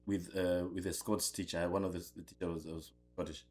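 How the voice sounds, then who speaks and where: Man, from Africa, podcast guest, animated, laughs often, casual chat. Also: low voice, brisk, soft background music. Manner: animated storyteller, laughs often, repeats words. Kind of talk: casual conversation.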